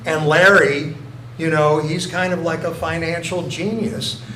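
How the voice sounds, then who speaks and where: Older man, stand-up comic, deadpan, mock-innocent, high voice, echoey club, audible crowd noise. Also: measured pace. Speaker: stand-up comedian. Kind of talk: stand-up comedy. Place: comedy club stage.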